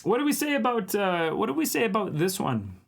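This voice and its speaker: A man's voice: high-pitched, very animated, a little fast, creaky. A man from Minnesota hosting a casual art live stream, chatting and laughing with viewers while he draws. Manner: chatty, laughs often, reads chat aloud.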